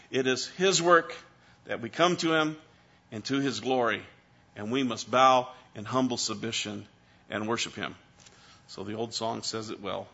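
Male pastor, evening sermon; emphatic, swings from raised stress to hushed prayer. Bright voice, muffled lo-fi capture. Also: fairly low pitch, measured pace, creaky, pauses often, husky. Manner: emphatic preaching, rising for stress then dropping soft.

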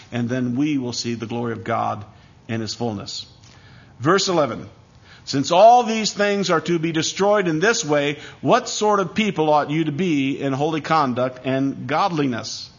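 Solemn preaching man, slightly high voice. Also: a bit bright. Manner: solemn, emphatic preaching with measured pauses. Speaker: pastor. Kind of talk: sermon. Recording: dull lo-fi recording.

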